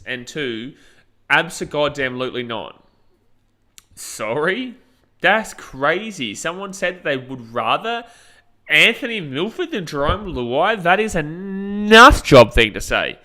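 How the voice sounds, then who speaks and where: An Australian man streams a match and calls the action live, blunt and crude in his reactions. His voice is bright and forceful, and he sounds like a young adult. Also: a little high. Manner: excitable, blunt and crude, reacts loudly to plays. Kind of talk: live match watch-along commentary.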